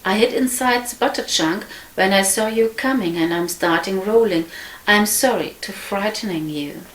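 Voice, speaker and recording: A woman's voice: medium pitch, moderate pace, fairly bright tone, lightly acted. A woman voicing a clever, polite little male pig in a storybook reading, with a raised, cheerful voice. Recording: echoey room.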